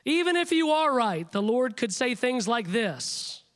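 A man's voice: extremely high pitch, big pitch swings, a little slow, fairly bright tone. A man preaching a sermon, emphatic and repeating phrases as he builds his point.

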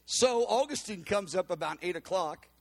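Animated, high-voiced man telling a testimony. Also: moderate pace, vocal fry. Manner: animated, acts out quotes with cries and laughs. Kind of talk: storytelling testimony.

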